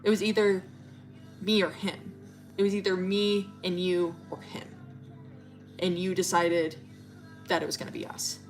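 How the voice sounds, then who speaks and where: A deranged, manipulative young man, as a woman puts him on with little change to her own voice, pressing his case in a lowish, casual tone. The storytelling is loose and conversational, with soft music playing faintly behind. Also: little pitch movement, measured pace, long pauses, close to an everyday voice. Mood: insistent.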